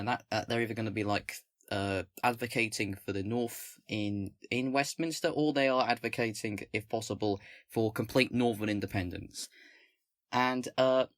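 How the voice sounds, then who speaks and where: A man's voice: on the low side, dry recording. Rambling English man, dry close mic. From England, not the North. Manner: rambling, halting, many fillers and restarts. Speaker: political commentary host. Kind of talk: casual commentary with manifesto reading. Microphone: own microphone, close.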